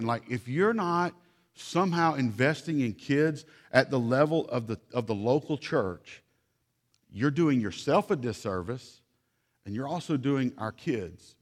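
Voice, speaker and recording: A young man, a pastor and father, preaching a sermon in an earnest, urgent tone. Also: mid-range voice. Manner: earnest, urgent pleading to the congregation.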